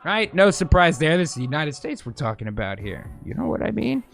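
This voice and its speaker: A man's voice: on the high side, very animated, a little fast, vocal fry, a bit bright. A man hosting a podcast, giving casual political commentary in a profane, sarcastic, joking way. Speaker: podcast host.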